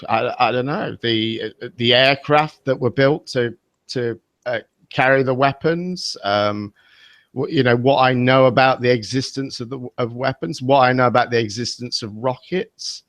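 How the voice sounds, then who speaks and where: Hesitant man, halting speech, dry sound. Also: mid-range voice, a bit bright, no echo. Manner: hesitant, halting, many fillers. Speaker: podcast guest. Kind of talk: casual online debate chat.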